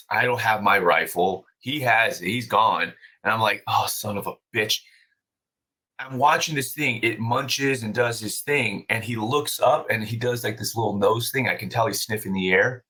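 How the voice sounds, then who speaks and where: A man telling a story on a podcast as the guest, animated and casual, swearing freely with many fillers and restarts. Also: on the low side, husky, poor audio. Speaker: podcast guest, brewery owner.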